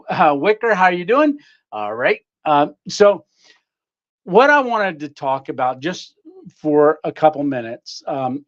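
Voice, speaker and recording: A man hosts a relaxed livestream from his home. He greets viewers one by one, padding his talk with fillers and small laughs. His voice sits a little high, and the stream audio is dull and lo-fi. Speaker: livestream host. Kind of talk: casual live-stream chat. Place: home room.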